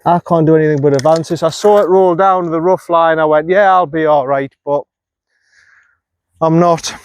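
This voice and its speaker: High-voiced self-critical golfer outdoors. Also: male voice, fairly even intonation, moderate pace, clean tone, dry recording. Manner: chatty, self-critical, muttering and swearing at himself. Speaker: golf vlogger. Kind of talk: casual on-course commentary. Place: outdoors on a golf course.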